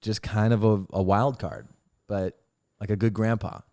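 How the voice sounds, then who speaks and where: A man telling personal stories in a casual interview, animated and swearing freely, acting out quotes in a loud voice. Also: on the low side, moderate pace. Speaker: actor interviewee.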